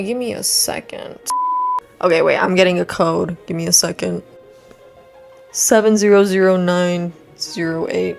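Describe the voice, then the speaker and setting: A young woman vlogging casually, reading a book aloud on camera with slangy, swearing asides and laughs. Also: medium pitch. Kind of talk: casual vlog chat and dramatic reading.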